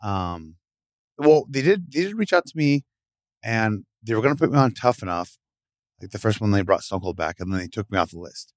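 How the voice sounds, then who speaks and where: Middle-aged male guest, low voice, animated storyteller, dry studio sound. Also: normal speed, no room sound. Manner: animated, acts out voices in stories. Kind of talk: casual interview storytelling. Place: podcast studio.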